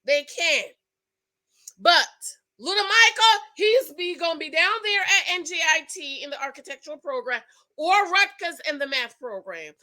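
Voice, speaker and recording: A woman with a bright, forceful voice talks straight to her viewers in a casual commentary. She is expressive and emotional, jumping from loud excitement to quiet asides. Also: very high-pitched, moderate pace, low-quality recording. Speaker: vlogger reviewing a reality show.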